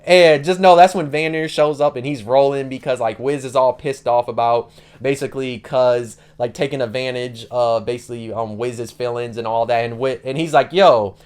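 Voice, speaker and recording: A man's voice: medium pitch, steady tone, normal speed, darkish tone, clean tone. A man giving a rambling, slangy casual recap of a story as an anime channel host, leaning on "like" and "basically".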